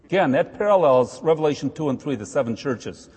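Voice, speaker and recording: A man teaching scripture in a loose, chatty way, breaking into jokey asides and hitting key words with rising emphasis. His voice sits a little high and sounds slightly husky. A long reverb trails behind him, as in a large hall. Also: expressive, a little fast, a little mellow. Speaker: Bible teacher. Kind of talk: informal Bible teaching.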